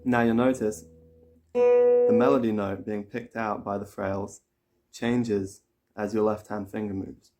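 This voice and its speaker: A man's voice: lowish voice, lively intonation, measured pace, long pauses. A man teaching a guitar lesson, explaining a picking pattern step by step in a casual way. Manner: explains step by step, counts and sings pattern syllables while playing. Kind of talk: casual instructional talk. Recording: loud guitar playing over the voice. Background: acoustic guitar playing.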